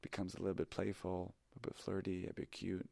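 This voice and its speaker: A man's voice: low-pitched, completely flat delivery, fairly quick, creaky, warm tone, no room sound, clean studio sound. A middle-aged man who teaches improv tells a personal story in a reflective, candid and self-critical way. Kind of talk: confessional storytelling.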